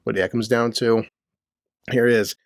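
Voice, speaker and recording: A man's voice: mid-range voice, fairly even intonation, normal speed, gravelly, dry recording. A middle-aged man rants about the news from his basement, blunt and crude, swearing freely. His voice sits in a middle range and sounds dry and close to the mic. He talks in rhetorical questions and short jabs. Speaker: commentary channel host. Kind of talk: profane ranting commentary. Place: home basement near a boiler.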